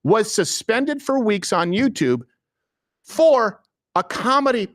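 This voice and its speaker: A man hosting a political comedy talk show in a studio, animated and sarcastic, often laughing. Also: high voice, takes it slowly, dry recording. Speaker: host.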